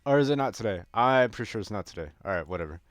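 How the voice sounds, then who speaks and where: A young man giving casual, profane gameplay commentary, often bursting into yells. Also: lowish voice, very fast, dry recording, studio quality. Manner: profane, excitable, bursts into yelling. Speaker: gaming video creator.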